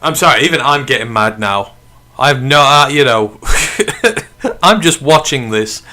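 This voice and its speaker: A man hosting a live sports watch-along stream. His voice has a forceful, bright edge at a middling pitch. He reacts excitably and flares into outrage at the play, then reads and answers viewer messages in the same animated way. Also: a little slow. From United Kingdom. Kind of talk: live watch-along commentary and chat reading.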